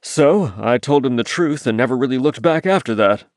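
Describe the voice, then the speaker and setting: A reserved male navy submariner, voiced by an audiobook narrator, talks plainly and without fuss. His pitch moves freely, and the sound is dry and close. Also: lively intonation, normal speed, dry recording, natural voice. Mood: recounting.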